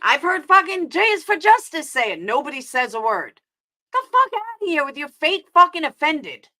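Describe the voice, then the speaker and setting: Streamer, woman, New York accent; high, sharp voice, angry profane rant at her chat. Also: sing-song, normal speed. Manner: heated, profane, confrontational, answering chat.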